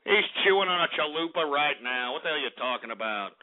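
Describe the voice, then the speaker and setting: A man's voice: a little high, animated, fast. A man hosting a call-in radio show, brash and insulting, rambling with lots of fillers. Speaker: radio host. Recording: tinny phone-like radio sound.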